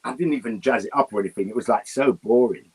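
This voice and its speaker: A man telling animated anecdotes as an interview guest, often laughing and breaking into song. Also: medium pitch, fast, husky.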